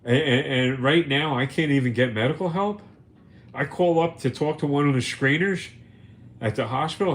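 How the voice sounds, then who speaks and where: A man's voice: medium pitch, lively intonation, moderate pace. A man on a livestream telling a story in a casual monologue, cursing often, repeating words and acting out what people said. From United States. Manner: profane, emphatic, repeats words, acts out quotes. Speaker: livestream host.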